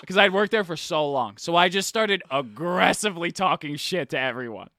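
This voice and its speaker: Speaking at normal speed in a voice on the high side, a young man co-hosting a podcast spins a casual story, voicing its characters with animated quotes. He swears now and then, and the sound is studio quality with no echo.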